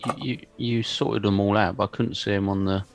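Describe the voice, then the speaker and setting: A man's voice: fairly low pitch, little pitch movement, brisk, music in the background. A man playing in a tabletop game, chatting casually and asking questions in a hesitant way. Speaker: player.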